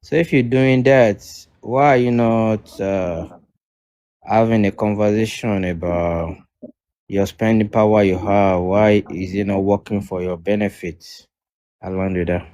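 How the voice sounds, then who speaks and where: A man who is an immigrant, on an online debate panel, asking his question haltingly with many pauses. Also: lowish voice, steady tone, a little mellow, no echo.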